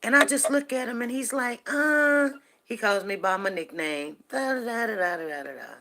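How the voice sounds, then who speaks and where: A middle-aged woman hosting a show, casually telling a personal story to her viewers, animated and repeating herself as she talks to them directly. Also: fairly high pitch, normal speed. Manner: animated, repeats words, asks listeners "you know what I'm saying".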